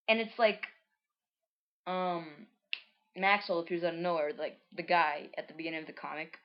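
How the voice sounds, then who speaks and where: A woman's voice: fairly low pitch, fairly even intonation, normal speed, long pauses. A woman casually reading aloud and explaining a comic she made as a child, rambling with many asides. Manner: rambling, full of likes and restarts, amused. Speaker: reader. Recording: dull lo-fi recording.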